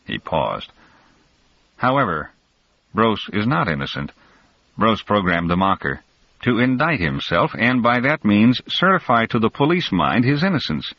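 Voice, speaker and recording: A man voicing a calm, cunning male schemer who explains things in a measured, sharp way, raised a little above his narrating voice. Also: lowish voice, heavily acted. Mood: coolly explaining. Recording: dull lo-fi dry recording.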